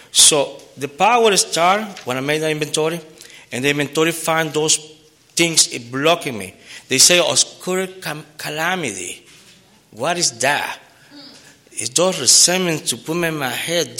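A man giving an earnest personal testimony at a recovery meeting, halting, with repeated words and restarts. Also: fairly high pitch, bright, forceful tone. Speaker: member sharing his recovery story.

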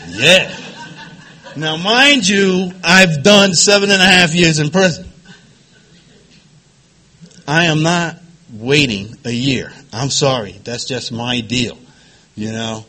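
A middle-aged man from the Philadelphia area with a quivering voice, giving emotional personal testimony at a support group meeting, halting and repeating phrases. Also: a little high, sharp tone. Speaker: recovery meeting speaker.

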